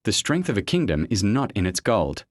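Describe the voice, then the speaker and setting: A man voicing a wise old village woman who speaks gently and firmly, in a storybook folktale. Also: on the low side, sing-song, normal speed, no room sound. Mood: gentle, sad. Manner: gentle, quietly firm.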